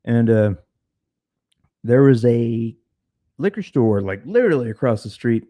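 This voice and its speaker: A man's voice: medium pitch, big pitch swings, measured pace, dark tone, dry recording. A man who is a podcast guest, telling a story candidly with frequent swearing and stuttered restarts. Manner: frank, profane, repeats words when starting. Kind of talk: casual storytelling.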